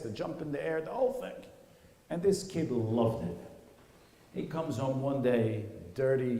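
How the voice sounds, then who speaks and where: Mellow-voiced rabbi telling a story. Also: male voice, fairly low pitch. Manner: dramatic, varying storytelling delivery. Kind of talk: storytelling sermon. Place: school hall. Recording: reverberant hall.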